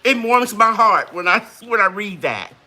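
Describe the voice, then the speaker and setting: A woman's voice: mid-range voice, expressive, normal speed, bright, forceful tone. A woman hosting a live gardening chat, folksy and chatty, greeting viewers and laughing often. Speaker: gardening channel host.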